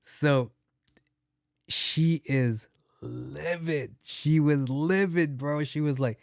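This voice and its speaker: A man hosting a podcast, telling a story in a casual monologue, animated, slangy and profane. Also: on the high side, very slow, gravelly, no echo, clean studio sound. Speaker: podcast host.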